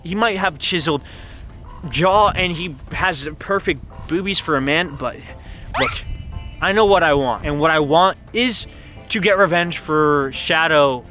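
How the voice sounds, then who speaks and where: A man's voice: unhurried, pushed and bright, faint music behind. A young man playing through a story game outdoors, reading the dialogue aloud in silly voices and joking between lines. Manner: playful, voices characters in high falsetto, rambling asides. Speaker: gaming YouTuber. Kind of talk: voicing game dialogue with commentary.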